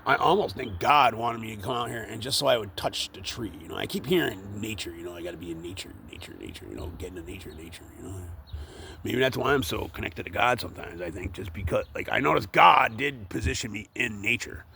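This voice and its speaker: A man's voice: on the low side, expressive, fast talker, creaky, sharp tone, slight background noise. A man rambling and swearing as he talks to the camera, outdoors up in a tree while he works on it. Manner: rambling, profane, with many fillers. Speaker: tree worker vlogging. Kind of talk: casual rambling monologue.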